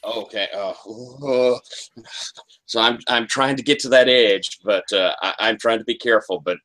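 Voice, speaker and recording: A man's voice: lowish voice, moderate pace, a bit bright. Hesitant man playing a tabletop game. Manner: hesitant, lots of ums and restarts. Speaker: player. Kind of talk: tabletop role-play, in character.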